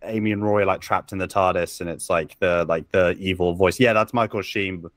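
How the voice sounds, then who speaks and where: A man's voice: sits low, fairly even intonation, normal speed, fairly bright tone, no echo, clean studio sound. A man as a podcast guest, talking casually in a rambling, hesitant way full of restarts. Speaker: podcast guest, video essayist.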